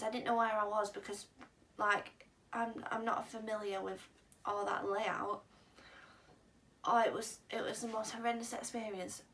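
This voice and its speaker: A woman's voice: fairly high pitch, fairly bright tone. Chatty woman telling a story. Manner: chatty, rambling, lots of "um" and "like". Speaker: vlogger. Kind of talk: casual storytelling. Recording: slightly distant mic, faint background hiss.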